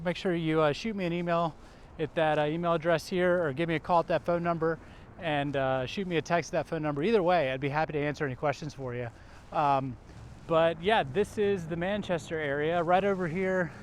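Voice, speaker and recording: A man's voice: on the high side, a little hiss or hum. Chatty man giving an outdoor tour. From Rock Hill area, South Carolina. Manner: easygoing, chatty, lots of fillers. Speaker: vlog host, local realtor-style guide. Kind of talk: casual walking tour vlog. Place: outdoors in a park and shopping plaza.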